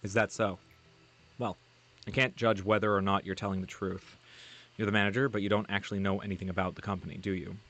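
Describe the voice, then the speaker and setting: A low-voiced, guarded insider , as a man reads him out, speaking in short, careful sentences as if every word on the line could get him caught. He probes, then pulls back, the manner of a secretive male informant in a video game. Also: little pitch movement, fast talker, a bit bright. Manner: guarded, terse and probing. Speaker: game character read aloud.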